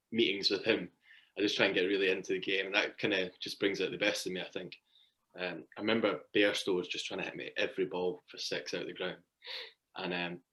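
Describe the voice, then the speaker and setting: A man with a very low voice tells cricket stories in a relaxed, chatty way. He laughs through his anecdotes and talks casually as an interview guest. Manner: chatty storytelling, laughs often.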